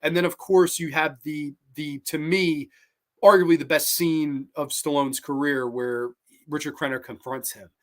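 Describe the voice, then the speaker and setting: A man hosting a movie review show, talking excitedly and loosely, with frequent swearing. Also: fairly high pitch, measured pace. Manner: excited, rambling, swears freely. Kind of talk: casual film commentary.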